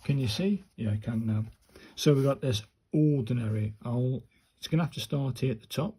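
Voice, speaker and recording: A man slowly talking his viewers through handwriting practice, muttering each stroke as he writes. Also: medium pitch, animated, dark tone, breathy edge. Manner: slow, muttering step-by-step to himself and viewers. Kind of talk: casual narrated handwriting practice.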